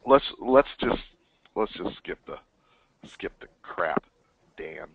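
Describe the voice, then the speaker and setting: A man's voice: low voice, slow, vocal fry, breathy edge, no room sound. Male webinar host, hyped salesy energy, thin phone-quality audio. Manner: energetic, hyped promotional delivery. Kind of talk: casual webinar chat. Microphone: call or webinar line. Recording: tinny phone-line audio.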